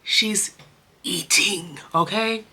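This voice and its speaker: A woman's voice: mid-range voice, drawn-out words, sharp tone, slightly rough. A young woman chatting expressively through her makeup routine, full of slang and emotion, as a beauty vlogger. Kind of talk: casual chatty makeup tutorial.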